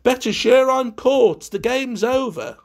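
A man voicing a nervous, self-conscious young gentleman with a facetious, jittery manner. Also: extremely high pitch, animated, unhurried, pitched above the performer's own voice, full character voice.

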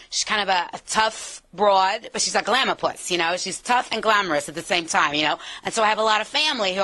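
An American actress in a casual interview, talking in an animated, playful way. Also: female voice, mid-range voice. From United States. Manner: animated, playful, slips into accents.

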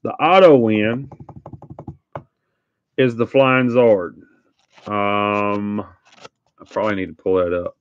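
A man's voice: fairly low pitch, fairly even intonation, slow pace, pauses often, a little hiss or hum. A man hosting a live trading card break, chatting casually and teasing viewers with sing-song hype calls. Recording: dull lo-fi stream audio.

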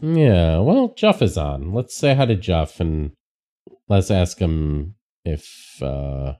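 A man co-hosting a livestream, chatting casually while solving a crossword, relaxed and halting with many fillers. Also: deep voice. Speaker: streamer co-host.

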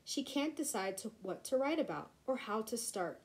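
A woman reading a children's storybook aloud in a gentle, expressive way. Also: fairly high pitch, normal speed, poor audio. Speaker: reader.

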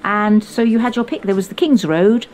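An older woman from England, hosting her own podcast and recounting her youth in an animated, storytelling way with playful quoted voices. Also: mid-range voice, moderate pace. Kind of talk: reminiscing conversation.

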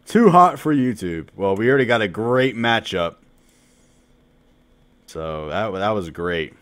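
Young male streamer, casual live game commentary, crude trash talk, lively pitch that jumps from low mutters to loud outbursts. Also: a little slow. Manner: profane, trash-talking, swinging from mumbles to shouts.

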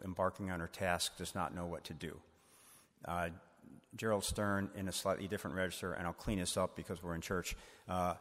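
A man's voice: sits low, fairly bright tone. A male author answering audience questions at a book event in a church, thoughtful and wry, often poking fun at himself. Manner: thoughtful, wry, self-deprecating. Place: church used as event hall. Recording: echoey hall reverb.

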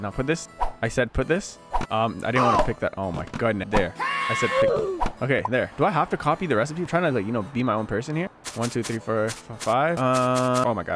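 A man narrating his own gameplay at a quick clip, his voice leaping up and down in pitch. He mutters orders to himself, then bursts into exclamations and swearing. Loud game music runs under everything he says. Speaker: gaming video creator. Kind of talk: casual gameplay commentary.

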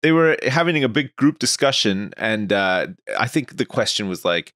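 A man's voice: fairly low pitch, moderate pace, few pauses, no echo, studio quality. A middle-aged Canadian man co-hosting a podcast, telling stories with lots of laughter and swearing. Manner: laughing, animated storytelling, swears freely. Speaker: podcast co-host. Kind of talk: casual chat.

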